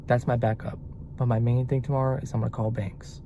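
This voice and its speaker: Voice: medium pitch, brisk, lo-fi sound, a little hiss or hum. A young adult delivery-driver vlogger ranting in a casual, exasperated, profane way. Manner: animated, exasperated, swears a lot. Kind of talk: casual vlog rant.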